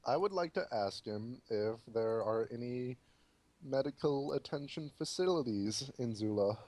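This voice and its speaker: A young man plays a tabletop game, answering the game master in character. His replies are plain and a touch hesitant, with small pauses before he commits. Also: mid-range voice, lively intonation, a little mellow. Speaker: player. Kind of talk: tabletop role-play.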